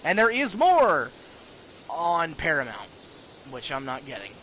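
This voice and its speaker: A man's voice: fairly high pitch, huge pitch swings, unhurried, bright, forceful tone, slight background noise, low-quality recording. A man rambling casually and profanely about horror shows while playing a video game. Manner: rambling, profane, full of restarts. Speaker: gaming video host.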